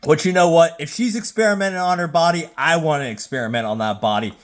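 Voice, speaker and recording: A man who has been drinking hosts a casual rating video from home, rambling and stammering with sudden excited bursts. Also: fairly high pitch, quick pace, hardly any pauses. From Jacksonville, Florida. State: tipsy from drinking. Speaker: YouTube host. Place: at home with a phone. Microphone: phone.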